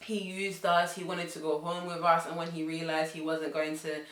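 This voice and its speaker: A young woman telling a casual story, swinging between loud outbursts and hushed asides. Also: low voice, flat delivery, normal speed. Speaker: vlogger. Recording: echoey room.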